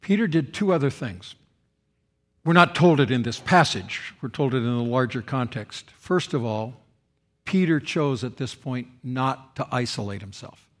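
A man's voice: mid-range voice, moderate pace. Man preaching a sermon with dramatic swings. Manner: expressive preaching, rising loud for quoted speech and dropping soft for solemn lines. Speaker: pastor.

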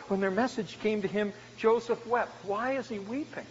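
A male pastor with a notably high voice delivers a sermon, pressing hard on key words and then dropping to a hush. The sound is dull and lo-fi, carried by the long reverb of a church sanctuary. A faint hiss sits underneath. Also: moderate pace, few pauses. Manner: preaching with swings from loud emphasis to hushed lows.

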